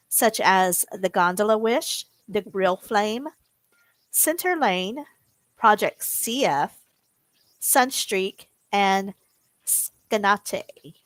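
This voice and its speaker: Woman podcast host reading notes, slow and steady, trips on words now and then, dry close mic. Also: mid-range voice, dry recording, low-quality recording. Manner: slow, reads with stumbles and self-corrections. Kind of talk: reading prepared notes, casual chat.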